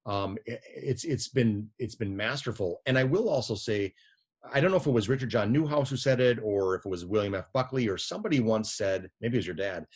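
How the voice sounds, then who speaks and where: A man's voice: on the low side, lively intonation, a little fast, breathy edge. A middle-aged man telling a story in a casual interview, rambling and often restarting his sentences. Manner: rambling, frequent restarts and repeated words. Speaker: guest, physician and editor.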